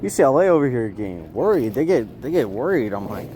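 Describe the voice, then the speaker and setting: A young man ranting in a rambling street vlog, agitated, swinging from loud outbursts to low muttering. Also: sing-song, a little fast, few pauses, slight background noise. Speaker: vlogger.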